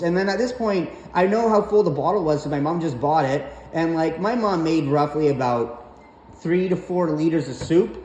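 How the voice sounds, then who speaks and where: Brief: slightly high-voiced man, profane and exasperated storyteller, echoey room with faint hum. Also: normal speed, a little mellow, highs cut off. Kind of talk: casual storytelling rant.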